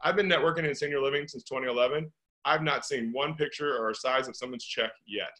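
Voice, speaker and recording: A man's voice: mid-range voice, quick pace, pushed and bright, rough recording. A middle-aged man from St. Louis, a real estate investor being interviewed, talking earnestly and piling up rhetorical questions. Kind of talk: conversational interview.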